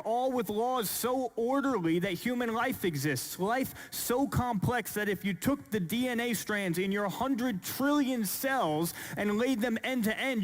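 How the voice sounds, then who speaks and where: A man with a somewhat high voice delivers a measured, earnest talk, building his case through rhetorical questions. He speaks to a large audience in a church hall, and a long reverb trails each phrase.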